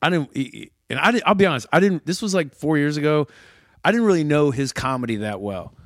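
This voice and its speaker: A man, a comedy producer and comedian, in casual podcast chat, telling animated stories with a lot of swearing. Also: fairly high pitch, fast. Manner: profane, animated storyteller.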